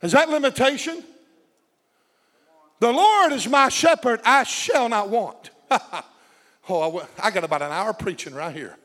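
In a church sanctuary, a man with an extremely high, bright, forceful voice preaches with passion, calling out to his congregation and drawing responses. He's animated yet a little slow and pauses often, with the long reverb of a large hall around him.

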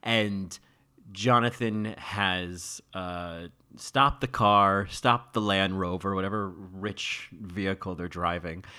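A man chatting casually as he reviews a TV miniseries, wry and loose, with lots of fillers and sudden jumps in pitch. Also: steady tone, slow pace, bright, forceful tone.

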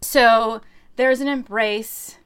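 A woman's voice: on the high side, extremely slow, clean tone. A woman casually retelling an opera plot on a podcast, acting out the characters' lines with playful, swearing humor. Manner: lively storytelling with playful quoted voices and swearing. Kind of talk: casual chat.

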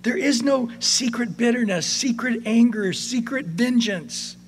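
A man preaching a sermon as pastor, conversational, moving between soft passages and emphatic points. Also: extremely high pitch, a little slow, slight background noise.

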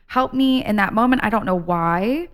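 A woman co-hosting a casual chat show, telling a personal story in an animated way, acting out the voices of the people in it and swearing freely. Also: mid-range voice, normal speed. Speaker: podcast co-host. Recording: faint guitar music underneath.

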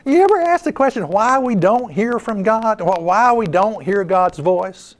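A man's voice: high voice, animated, unhurried. A man preaching a sermon, asking rhetorical questions and often repeating his words as he builds a point.

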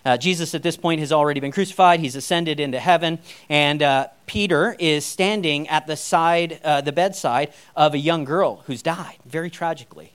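A man with a fairly high voice preaches in an easy, chatty way. He drops wry jokes between his points. It sounds like a pastor talking to his congregation. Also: moderate pace, a bit bright, clear, resonant tone. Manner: conversational, with wry humorous asides. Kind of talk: sermon.

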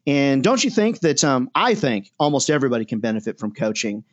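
A man's voice: mid-range voice, very animated, brisk, highs cut off. A man hosting a sales podcast, upbeat and chatty, with lots of "uh" fillers. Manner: enthusiastic, chatty, many "uh" fillers. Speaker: podcast host and sales coach. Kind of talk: casual podcast talk.

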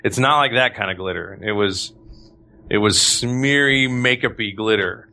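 A man who voices characters for a living, talking casually as a guest. His voice is bright and forceful. He tells his stories with lots of energy and slips in quick impressions along the way. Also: on the low side. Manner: animated storyteller, slips into voices. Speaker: voice actor guest. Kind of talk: casual chat.

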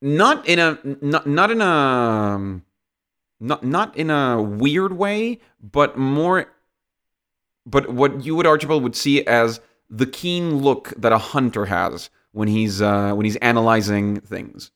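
A man as game master narrating a tabletop game, halting with lots of restarts. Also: medium pitch, animated, a bit bright. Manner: halting, many restarts and fillers.

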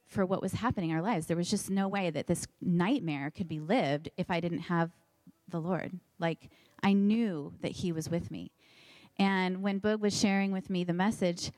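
Woman, mid-pitched, earnest heartfelt testimony, dry close sound. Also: darkish tone, no echo. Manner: earnest, heartfelt, with pauses and fillers. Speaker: pastor's wife sharing testimony. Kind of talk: sermon testimony.

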